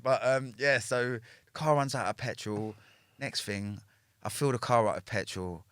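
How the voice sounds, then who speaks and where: A London-accented man speaks at a medium pitch and an unhurried pace over crowd noise. He's a podcast guest telling a story in casual chat, swearing freely and ending his points with a questioning "yeah?"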